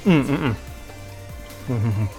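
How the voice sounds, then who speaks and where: A man's voice: mid-range voice, lively intonation, slow, mellow, faint music behind. A man hosting a cooking livestream from his kitchen, chatting casually and self-mockingly and cooing at his dog. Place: home kitchen.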